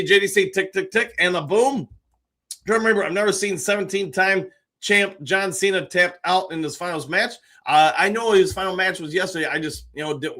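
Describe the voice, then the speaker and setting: A man with a high, bright voice hosts a casual live stream. He reads viewer comments aloud one after another and tosses back short, friendly replies in an easy chat style. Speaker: show host reading live chat.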